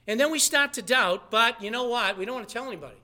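A man's voice: very high-pitched, fast talker, sharp tone. A man preaching a sermon as pastor, earnest and conversational, probing his listeners with rhetorical questions.

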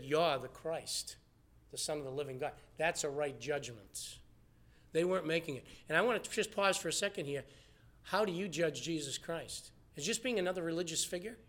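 High, bright-voiced man preaching a sermon. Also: a little fast. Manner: animated preaching, acts out quoted speakers. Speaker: pastor.

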